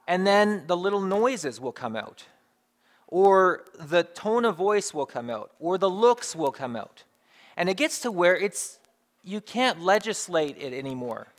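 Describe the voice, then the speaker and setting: A man's voice: on the high side, a bit bright. Man preaching in a conversational sermon. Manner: conversational, builds through emphatic repetition. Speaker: pastor.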